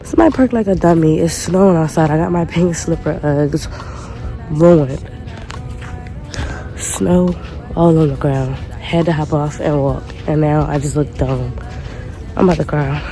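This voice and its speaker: A woman's voice: sits low, flat delivery, a little slow, long pauses, dark tone, soft background music. A young woman vlogging casually from her phone, chatty and exasperated, full of slang. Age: young adult. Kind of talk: casual storytime vlog. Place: outdoors on a city street.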